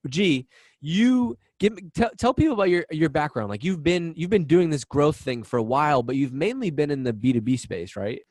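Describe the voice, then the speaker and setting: A man hosting a live webinar over a video call, talking fast and excitedly with lots of restarts. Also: a little high, dry recording. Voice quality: excitable, rapid, restarts often. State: out of breath. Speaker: webinar host. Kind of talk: energetic live webinar chat. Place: office in Boston.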